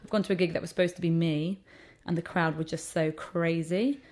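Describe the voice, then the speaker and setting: Chatty woman comedian telling tales. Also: lowish voice. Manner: animated storyteller, quick to act out quotes. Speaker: stand-up comedian and character act. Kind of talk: casual interview chat.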